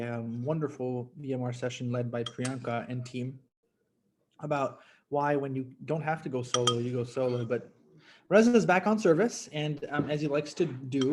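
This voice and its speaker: A man hosting a clinical case conference on a video call, talking in a chatty, lively way and thinking aloud with fillers. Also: on the high side, a little hiss or hum. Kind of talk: casual, talkative teaching.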